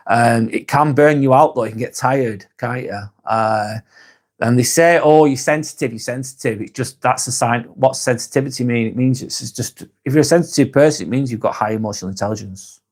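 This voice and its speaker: On a casual live stream, an Englishman with a Lancashire accent reads out viewer comments and replies frankly, swearing often and musing aloud. He speaks at medium pitch, a little fast.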